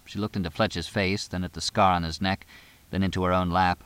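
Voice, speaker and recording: Low, dry-sounding man narrating a novel at a steady, measured pace. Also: dry recording. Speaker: audiobook narrator. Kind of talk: scripted narration.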